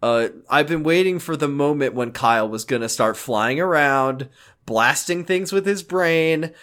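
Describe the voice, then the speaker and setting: Lively, animated podcast guy. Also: fairly high pitch, a little slow. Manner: animated, swears, mock-dramatic. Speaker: podcast co-host. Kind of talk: casual chat.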